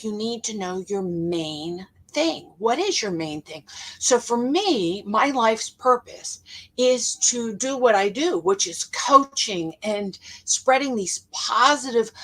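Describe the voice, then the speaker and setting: A middle-aged woman hosting a motivational talk as a life coach, telling stories in an earnest way and acting out quotes with lively jumps in her voice. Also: a little high, takes it slowly. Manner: earnest, storytelling, animated quoting.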